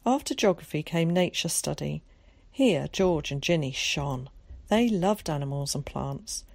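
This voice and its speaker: A woman reading a children's story aloud in a steady, measured way, shifting into character voices for quotes. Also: low-pitched, vocal fry, dry recording. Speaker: audiobook narrator. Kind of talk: storybook narration.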